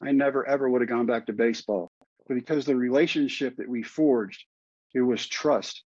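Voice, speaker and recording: Earnest husky man telling a story. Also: mid-range voice, moderate pace, a little mellow, no room sound, muffled recording. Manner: earnest, heartfelt storyteller, repeats phrases for emphasis. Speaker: guest. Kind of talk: storytelling in a podcast interview.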